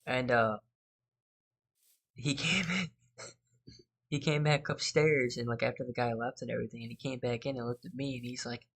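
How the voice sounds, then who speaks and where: A man's voice: medium pitch, fairly even intonation, moderate pace, pauses often, a bit bright. A man hosting a gaming channel, chatting casually and rambling through a story over his gameplay, losing his thread and swearing freely.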